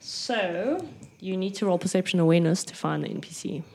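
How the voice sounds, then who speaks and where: A woman's voice: on the low side, animated, fairly quick, darkish tone, breathy edge. A woman running a tabletop game as game master, patiently describing the scene and explaining the rules.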